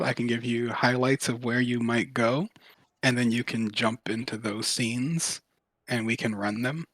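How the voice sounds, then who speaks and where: A man's voice: medium pitch, no echo. A man acting as game master for a tabletop game, talking casually, swearing freely and laughing easily. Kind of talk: running a tabletop game online.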